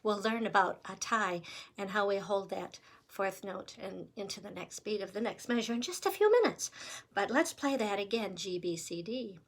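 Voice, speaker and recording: A woman's voice: medium pitch, moderate pace, a little hiss or hum. A woman music teacher giving a recorder lesson with patient, encouraging step-by-step instructions.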